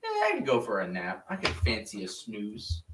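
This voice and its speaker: A man on a podcast voicing a drowsy hulking male monster, slow, sleepy and low, in an echoey room away from the mic. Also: huge pitch swings, distant mic, background noise.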